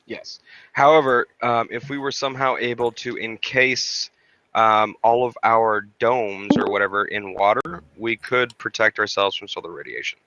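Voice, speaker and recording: A man's voice: fairly low pitch, moderate pace, bright, forceful tone, lo-fi sound. A man chatting casually about space and history, rambling with fillers, restarts and casual swearing. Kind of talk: casual chat.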